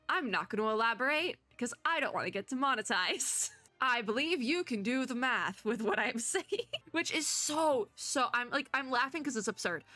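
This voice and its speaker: A young woman streamer rambling excitedly as she comments on a game she is playing. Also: mid-range voice, no echo. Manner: chatty, excitable, rambling, laughs often. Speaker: VTuber streamer.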